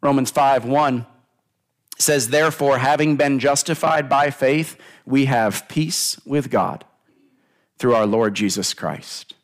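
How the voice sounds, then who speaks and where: A male pastor preaching a sermon, deliberate and emphatic, repeating key phrases and putting questions to the congregation. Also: mid-range voice.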